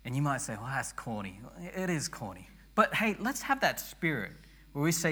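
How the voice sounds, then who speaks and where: A man preaching to his congregation with a very bright, sharp voice that has gone hoarse. He is earnest and rousing, stumbling over his restarts as he presses his points. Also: fairly high pitch, very animated, normal speed. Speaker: pastor. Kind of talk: sermon.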